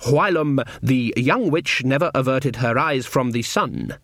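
Man reading a story out loud, wry and lively, dry close mic. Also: medium pitch, measured pace, dry recording. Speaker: audiobook narrator. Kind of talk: scripted narration.

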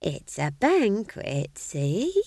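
A woman's voice: medium pitch, wildly swooping pitch, extremely slow, dark tone, no echo, clean studio sound, pitched above the performer's own voice, heavily acted. A woman voicing a chatty old witch who explains things with cheerful authority in an audiobook. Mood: authoritative. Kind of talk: audiobook character voice.

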